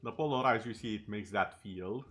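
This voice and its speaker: Low-voiced man chatting while gaming. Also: normal speed, fairly bright tone, slightly rough. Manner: chatty, with sarcastic asides. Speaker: streamer. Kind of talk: casual gameplay chat.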